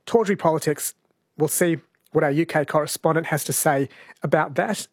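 A man's voice: on the high side, normal speed, no echo, clean studio sound. A man hosting an overnight radio show, upbeat and playful in his banter. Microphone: studio microphone.

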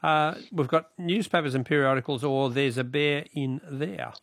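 Gravelly Australian radio quiz host. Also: male voice, on the high side, fairly even intonation, moderate pace, a bit bright, dry recording, studio quality. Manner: chatty, reads out questions and callers' answers. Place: radio studio.

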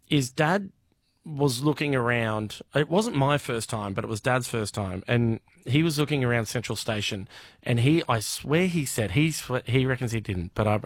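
Australian comedian guy, rambly halting storyteller, dry close sound. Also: mid-range voice, dry recording. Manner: rambling, halting with many restarts. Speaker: comedian guest. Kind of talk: casual anecdote telling.

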